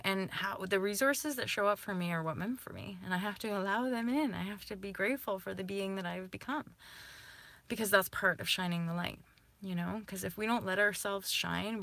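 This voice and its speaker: A woman vlogging to her viewers about spirituality, talking emphatically and swearing freely, swinging between soft and fired-up. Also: fairly low pitch, vocal fry, no echo. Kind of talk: casual monologue to viewers.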